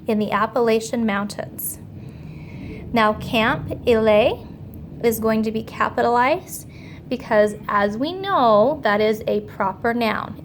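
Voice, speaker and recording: A woman teacher giving a remote grammar lesson to young children, slow, clear and patient as she explains each step. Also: on the high side, a little hiss or hum.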